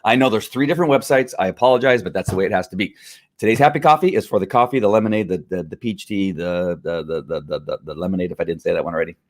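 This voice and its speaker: A man's voice: low-pitched, racing. A man chatting casually on a live stream, rambling through a product review with restarts and chuckles.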